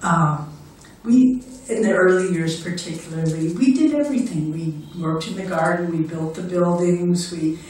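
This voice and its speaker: A woman's voice: fairly low pitch, moderate pace, darkish tone. Older lady giving a spiritual talk, earnest and encouraging, mic far away, lots of hall echo. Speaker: spiritual director. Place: lecture hall.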